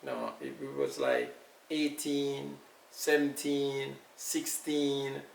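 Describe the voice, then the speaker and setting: An older Jamaican man with a gravelly voice tells family memories at an easy, reminiscing pace. He sits well back from the mic in an echoey room with a faint hiss of noise underneath. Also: medium pitch, big pitch swings, far from the mic. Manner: unhurried, reminiscing storyteller. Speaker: elder being interviewed. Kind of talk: casual recollection.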